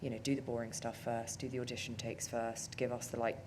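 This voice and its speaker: A woman's voice: rumbling low, flat delivery, brisk, noisy background. A woman film director talking in an on-stage interview, chatty and self-deprecating, with lots of fillers. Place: on stage at a cinema talk event.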